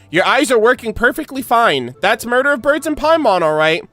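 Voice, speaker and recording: A man streaming a game, reacting casually and reading dialogue aloud, excitable and quick to swear and laugh. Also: extremely high pitch, faint music behind.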